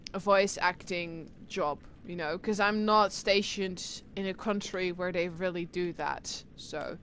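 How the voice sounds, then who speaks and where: A woman's voice: mid-range voice, a bit bright, slight background noise. Rambling young woman chatting to viewers. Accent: English with Irish and Scottish touches. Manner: rambling, chatty, many fillers and restarts. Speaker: gaming streamer. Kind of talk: casual chat to stream viewers.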